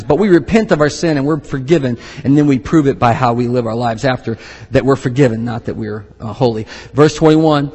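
A middle-aged man pastor preaching a lively sermon, reading scripture aloud and stopping to laugh and exhort. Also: medium pitch, a little fast, slightly rough. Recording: long hall reverb.

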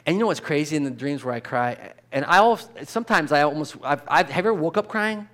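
A fast-talking pastor with a fairly high voice preaches conversationally, backtracking and repeating himself as he goes. His volume and energy climb whenever he hammers a point.

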